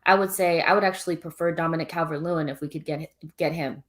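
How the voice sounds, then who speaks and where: Lower-voiced woman co-hosting. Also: fairly even intonation, quick pace, a bit bright. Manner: opinionated, laughs easily. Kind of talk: casual livestream chat.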